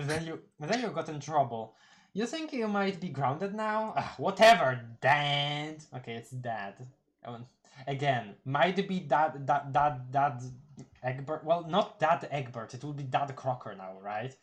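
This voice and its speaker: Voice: mid-range voice, animated, measured pace. Giggly streamer reading a webcomic aloud. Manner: giggly, rambling, often restarts words. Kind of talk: casual live read-through.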